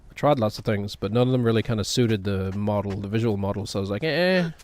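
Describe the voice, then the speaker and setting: A man's voice: lowish voice, flat delivery, fast, a little mellow, slight background noise. A man streaming a game, chatting in a rambling, joking way with self-deprecating asides. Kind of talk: casual gaming stream chatter.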